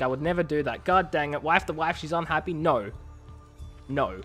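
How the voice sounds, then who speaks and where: A man's voice: fairly high pitch, expressive, moderate pace, a bit bright, soft background music. A man streaming a video game, giving sarcastic, rambling live commentary.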